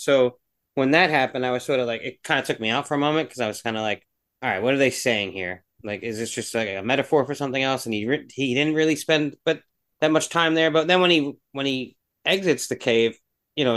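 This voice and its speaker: A man's voice: medium pitch, a bit bright. A man co-hosting a horror film review podcast, thinking aloud in a rambling, casual way. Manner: rambling, many fillers. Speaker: podcast co-host.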